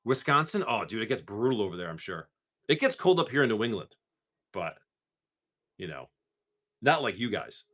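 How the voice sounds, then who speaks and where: A man's voice: on the low side, sing-song, normal speed, pauses often, fairly bright tone. Laid-back rambling man chatting on stream. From Massachusetts, USA. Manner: rambling and laid-back, swears casually, lots of "like" and "dude". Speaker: live-stream host. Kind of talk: casual live-stream chat.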